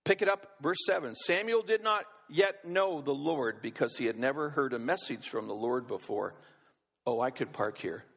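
A male pastor delivers a sermon with a husky, gravelly voice, pressing his points and putting questions to the congregation. His words ring out with the long reverb of a large church hall. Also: medium pitch, animated, moderate pace, fairly bright tone. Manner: emphatic, asks the congregation questions.

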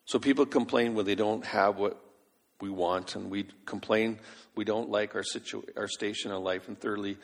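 Gravelly male preacher in a reverberant hall. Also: lowish voice, normal speed. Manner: animated, acts out quoted voices. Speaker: pastor. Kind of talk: sermon.

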